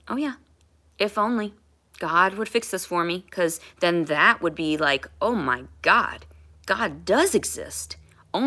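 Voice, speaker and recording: Bright-voiced woman rambling on a livestream. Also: deep voice. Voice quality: rambling, emotional, swears casually. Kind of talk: casual livestream chat.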